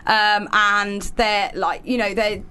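A woman's voice: medium pitch, steady tone, slow pace, sharp tone, clean tone. A woman presenting a radio show in casual, enthusiastic chat with her co-host. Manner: chatty, enthusiastic, laughs easily.

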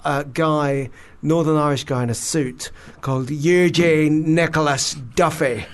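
A man's voice: on the high side, fairly even intonation, unhurried. Playful bantering radio presenter, man. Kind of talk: casual radio chat. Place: radio studio.

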